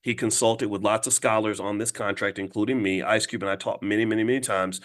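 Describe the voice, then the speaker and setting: Fast-talking emphatic man. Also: fairly even intonation, fairly bright tone. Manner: fast, emphatic, acts out dialogue with jumps in pitch. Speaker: finance commentator addressing an audience. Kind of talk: animated monologue.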